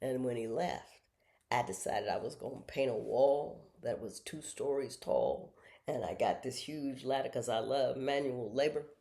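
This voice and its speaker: A middle-aged woman hosting a casual storytelling monologue from home, animated and acting out other people's voices. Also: measured pace, creaky. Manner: animated, acts out others' voices with big jumps in pitch. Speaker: host.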